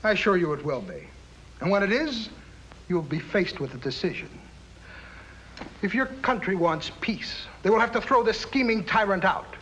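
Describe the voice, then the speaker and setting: An actor playing a scheming, sneering foreign diplomat in a 1950s TV drama, on a faintly hissy old soundtrack. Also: male voice, high-pitched, expressive, normal speed, fairly bright tone, highs cut off. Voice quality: sneering, accusatory.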